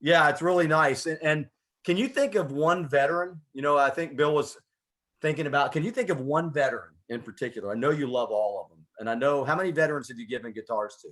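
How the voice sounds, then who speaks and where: A man's voice: a little high, fast, a bit bright. A male co-host asking questions in a casual interview, encouraging and full of praise for his guest, over a video call.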